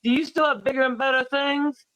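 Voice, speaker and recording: A man's voice: very high voice, fairly even intonation, brisk, bright, forceful tone, dry recording. A man hosting a casual live-stream podcast, talking with enthusiasm and hyping up the artists. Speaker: podcast host.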